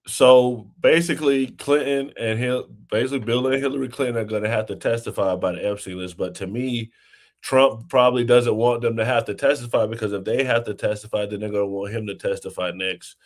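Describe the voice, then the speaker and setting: With a medium pitch, fairly even intonation and a brisk pace, a man hosts a casual political talk show. He chats loosely, sets up clips and puts questions to his co-host.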